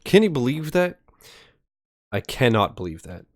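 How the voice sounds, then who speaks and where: A man's voice: medium pitch, sing-song, moderate pace, no room sound, clean studio sound. A man casually joking and swearing as he plays through a game. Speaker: gamer host. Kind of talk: let's play commentary.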